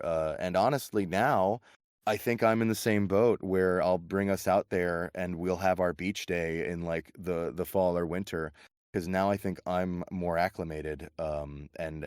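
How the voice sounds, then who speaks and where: A man's voice: sits low, clear, resonant tone, no echo, studio quality. A man from the United States, a voice actor guest chatting casually on a podcast, telling stories with lots of laughter. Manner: laughing, animated storyteller.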